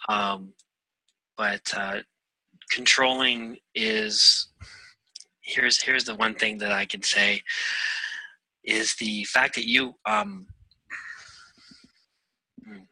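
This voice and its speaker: A man, a guest on a radio show, talking in an earnest, rambling way with many pauses and fillers. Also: fairly low pitch, animated, bright, forceful tone, husky, no room sound, poor audio. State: getting emotional. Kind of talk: casual interview chat.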